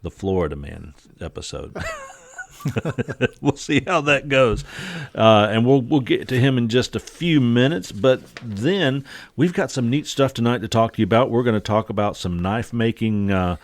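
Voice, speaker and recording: A man's voice: medium pitch, expressive, moderate pace. A man hosting a casual podcast, joking with friends and using many fillers. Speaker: podcast host.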